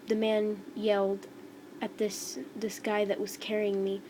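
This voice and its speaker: A woman reading a first-person fan story aloud in a slow, halting way over a noisy home recording. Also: medium pitch, completely flat delivery, darkish tone.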